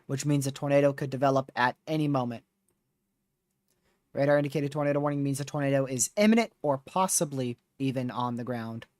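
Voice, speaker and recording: A man's voice: medium pitch, brisk, a little mellow, no echo, clean studio sound. A man hosting a live severe-weather stream, talking casually with viewers while reading radar, his voice starting to wear out. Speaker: livestream host.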